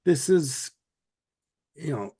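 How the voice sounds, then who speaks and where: A man's voice: on the high side, expressive, slow pace, mellow, husky. A man hosting a casual podcast chat, rambling through a retelling with lots of "you know"s. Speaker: podcast host.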